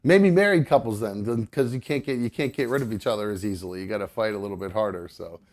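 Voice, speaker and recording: A man's voice: on the low side, fast, darkish tone. A man co-hosting a podcast from home, talking in a rambling, casual way full of ums and uhs. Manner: rambling, many ums and uhs, laughs easily. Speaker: podcast co-host. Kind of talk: casual chat. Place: home with pets around.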